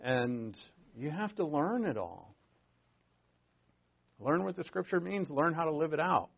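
A man teaching a Bible study in a conversational way, with offhand asides, swinging between loud emphasis and quiet remarks. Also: on the high side, expressive, measured pace, creaky, husky. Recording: dull lo-fi recording.

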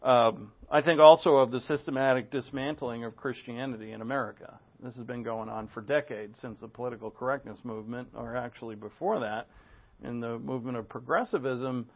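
A man's voice: mid-range voice, brisk. A male pastor preaching an expository sermon, full of asides and rhetorical questions. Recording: dull lo-fi sound.

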